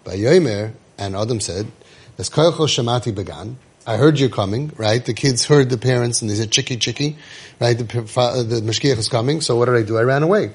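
A man's voice: mid-range voice, fairly quick, breathy edge. A man giving a Torah class. He reads Hebrew verses, explains them in English and keeps asking his listeners rhetorical questions. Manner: animated, asks rhetorical questions, mixes Hebrew quotes with English. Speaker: Torah teacher.

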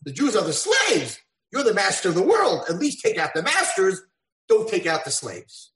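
Male lecturer, story-driven, animated delivery, high-ish voice, roomy echo. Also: normal speed. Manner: animated, acts out voices in dialogue. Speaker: rabbi lecturer. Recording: echoey room.

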